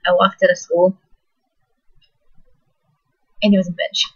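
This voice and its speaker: Soft, husky teen girl, halting. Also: fairly low pitch, level tone. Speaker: vlogger. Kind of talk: personal storytelling. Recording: dull lo-fi recording.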